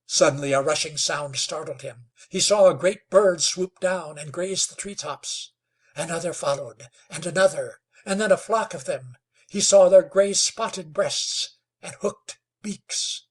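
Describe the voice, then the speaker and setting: A man narrating a western novel in a slow, dramatic storytelling manner. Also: fairly high pitch, breathy edge. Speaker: audiobook narrator. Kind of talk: scripted narration.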